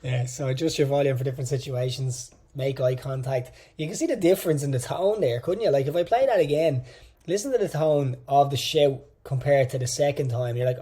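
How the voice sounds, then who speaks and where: A man's voice: medium pitch, fairly quick, mellow, slightly rough. A man teaching a coaching course in a casual, direct way, repeating phrases for emphasis. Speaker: fitness coach. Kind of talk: online coaching course lecture.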